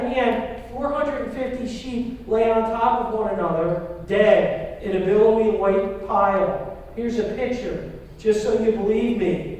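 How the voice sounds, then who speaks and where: A woman's voice: high-pitched, darkish tone. A woman speaks to a live audience in a big hall, quizzing the crowd and drawing them in. Her voice comes from far off the mic. It rings with a long, heavy echo. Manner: engaging, asks the audience questions. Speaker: speaker at a parenting talk. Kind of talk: lively talk to a live audience. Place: large echoey hall. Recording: echoey hall recorded from far off.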